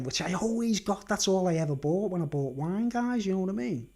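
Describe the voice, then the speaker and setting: A man's voice: high voice, lively intonation, normal speed, darkish tone. Merseyside guy ranting at home, keeps going "right?" and "you know what i mean?". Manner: emphatic, keeps asking "right?" and "do you understand?". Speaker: livestreamer. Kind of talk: casual rambling monologue.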